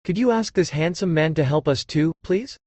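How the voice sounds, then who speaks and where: A man's voice: fairly high pitch, lively intonation, normal speed, a little mellow, dry recording. A man voicing a group of elderly people begging for help, in an audiobook. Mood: pleading. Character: pleading crowd of elderly friends.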